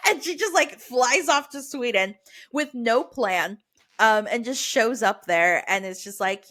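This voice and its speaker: A woman's voice: fairly high pitch, slow. A young woman co-hosting a book podcast, chatting casually and retelling the plot with lots of "like". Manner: chatty, heavy use of "like", lively retelling. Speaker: podcast co-host.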